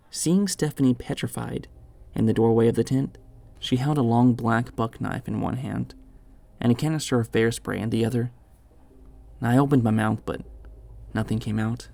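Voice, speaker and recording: A man reading a horror story aloud in measured, dramatic scripted narration. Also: mid-range voice, vocal fry, dark tone.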